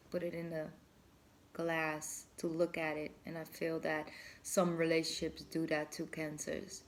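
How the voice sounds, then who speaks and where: A woman giving a casual tarot reading, effusive and thinking aloud, often breaking into laughter. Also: sits low. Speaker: tarot reader.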